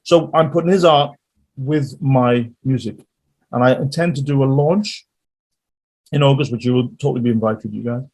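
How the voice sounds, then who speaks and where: A man telling stories as a guest musician in a casual interview, animated and rambling. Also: mid-range voice, normal speed.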